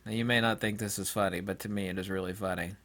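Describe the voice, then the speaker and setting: A man talking alone in a rambling philosophical monologue, sardonic and laughing at his own jokes, acting out mock dialogues and swinging from quiet mutters to loud exclamations. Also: on the low side, steady tone, fast talker. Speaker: channel host.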